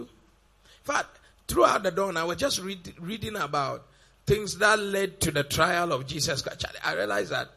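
A man preaching a sermon, firing off rhetorical questions in a gravelly, raspy voice. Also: high voice, sharp tone.

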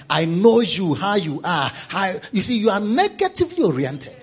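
A pastor preaching a sermon in a teasing, repetitive style. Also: male voice, high-pitched, big pitch swings, moderate pace, hardly any pauses, slightly rough.

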